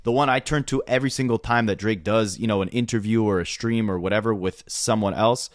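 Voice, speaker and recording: A man hosting a casual rap commentary, talking in an animated, incredulous way full of fillers. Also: lowish voice, brisk, no room sound, studio quality.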